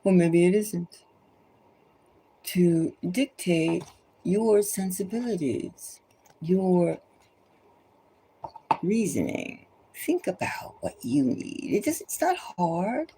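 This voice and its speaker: A woman's voice: lowish voice, big pitch swings, slow, long pauses, warm tone, a little hiss or hum, low-quality recording. A woman tarot reader giving an impassioned, preachy monologue full of urgent repeated exhortations, sometimes dropping to a whisper.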